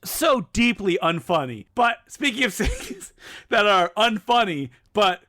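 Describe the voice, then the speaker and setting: A man's voice: sits high, sing-song, measured pace, sharp tone, dry recording, studio quality. A man co-hosting a film podcast in casual chat, giggly and chatty, laughing through his sentences. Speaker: podcast co-host.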